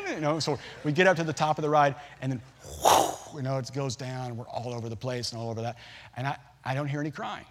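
A man in his forties preaching a sermon, telling a family story with lively acted-out voices. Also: mid-range voice, quick pace, slight background noise. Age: 40s. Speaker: pastor. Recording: long hall reverb.

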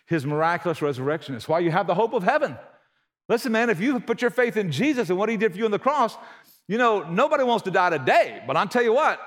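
A man's voice: high voice, sing-song, quick pace. Brief: male pastor, conversational sermon, punchy emphasis.

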